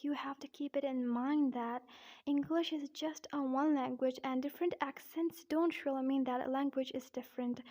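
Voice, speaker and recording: A woman's voice: high-pitched, warm tone. A woman from Pakistan, explaining English in a casual vlog and often calling her viewers "guys". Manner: chatty, keeps saying "guys" and "okay". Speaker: English teacher, channel host.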